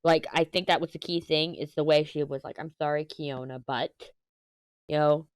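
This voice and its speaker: A tearful woman speaks openly to her viewers, rambling and swearing as she works through her feelings. Her voice is low and smooth, recorded dry and close with no room sound. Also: level tone, a little fast, no room sound. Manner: candid, emotional, swearing, rambling with restarts. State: tearful, upset. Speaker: crafting channel host. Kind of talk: casual chat to camera.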